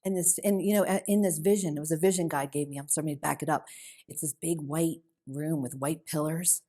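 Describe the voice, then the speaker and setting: A woman's voice: deep voice, steady tone, fairly quick, mellow. A middle-aged woman speaking at a women's conference, telling her personal faith story in an earnest, emotional way. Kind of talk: personal testimony. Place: conference hall.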